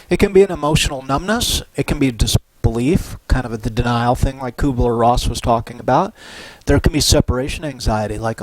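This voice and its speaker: A middle-aged man lecturing on psychology in an easygoing, chatty manner, checking in with "right?" as he goes. His voice sits at an ordinary pitch for a man. The recording is close and dry, with no room echo. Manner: casual, conversational, often adds "right?" and "you know".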